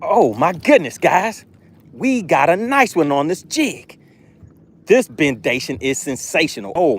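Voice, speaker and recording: A man hosting a live fishing stream from a boat outdoors, excitably narrating his catch and reading chat aloud. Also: on the high side. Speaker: fishing livestream host.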